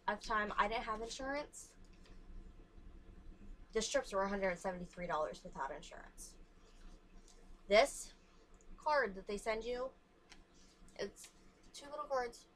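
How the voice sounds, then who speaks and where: A woman's voice: a little high, slow pace, long pauses, fairly bright tone, slight background noise. A young woman vlogger chatting frankly and casually while showing free samples to the camera. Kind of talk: casual chat.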